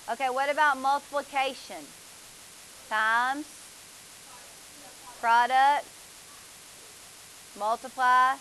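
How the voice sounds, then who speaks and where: A woman's voice: on the high side, sharp tone, a little hiss or hum, rough recording. A woman, teaching a math class, asking students questions and praising their answers.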